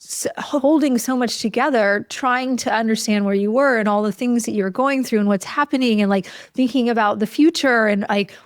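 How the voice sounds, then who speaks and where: A woman hosts a podcast interview in a casual, reflective tone, warmly empathetic and often falling back on "like" as she thinks aloud. Her voice sits a little high and is recorded dry and close. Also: brisk, few pauses, dry recording. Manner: empathetic, reflective, frequent "like" fillers. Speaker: podcast host.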